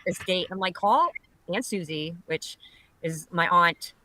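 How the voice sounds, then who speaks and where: Middle-aged pennsylvania woman, bright voice, dry close sound, rambling and swearing a lot. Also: on the low side, a little slow, no room sound. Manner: rambling, profane, blunt storytelling with frequent laughs. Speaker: caller telling a personal story. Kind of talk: casual chat.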